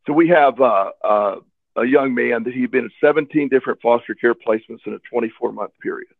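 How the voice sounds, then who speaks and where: A man's voice: mid-range voice, a little fast, vocal fry, dry recording. A man telling a personal story in a casual interview, candid and earnest, often repeating words as he searches for them. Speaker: interview guest. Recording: tinny phone line, dry.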